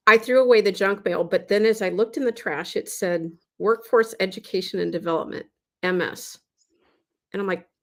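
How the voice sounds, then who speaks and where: A woman speaking as a guest in a relaxed interview over a video call. She tells her story earnestly, stopping and restarting her sentences as her thoughts catch up. Her voice sits in a middle pitch. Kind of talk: casual interview chat.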